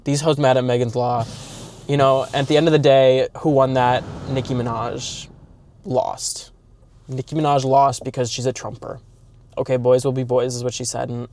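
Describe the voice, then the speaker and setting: A man's voice: mid-range voice, a little mellow. A young man vlogging from his car, telling stories in a chatty, dramatic, campy way. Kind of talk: casual storytelling vlog.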